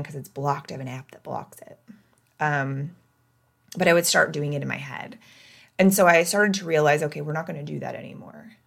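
Low, gravelly-voiced woman podcaster. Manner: candid, confiding, swings between lively and hushed. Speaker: podcast host. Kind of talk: casual self-help monologue.

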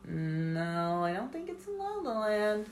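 A woman's voice: medium pitch, sing-song, measured pace. A woman co-hosting a casual podcast, curious and questioning as she repeats words back. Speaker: podcast co-host. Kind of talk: casual chat. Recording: echoey room with faint noise.

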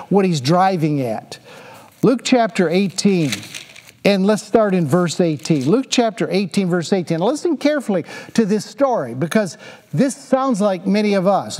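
A man's voice: high-pitched, darkish tone. A man preaching a sermon, pressing the listeners with repeated rhetorical questions and emphatic, repetitive phrasing. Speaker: pastor. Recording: long hall reverb.

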